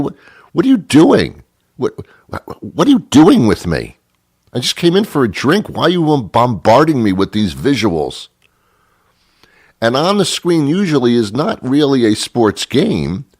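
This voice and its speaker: A man's voice: mid-range voice, no room sound. A middle-aged man hosting a talk show, delivering an exasperated comic rant full of rhetorical questions into a studio mic. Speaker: radio show host.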